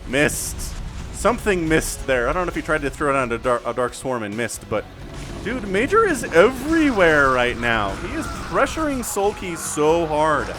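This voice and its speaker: A man doing solo play-by-play commentary on a strategy game, excitable and talking straight to viewers and players. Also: on the high side, moderate pace. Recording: music bed playing under the voice.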